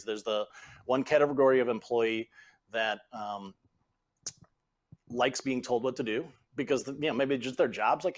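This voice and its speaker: Animated man coaching on leadership talk. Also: medium pitch. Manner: animated, acts out example phrasings. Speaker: podcast guest, leadership author.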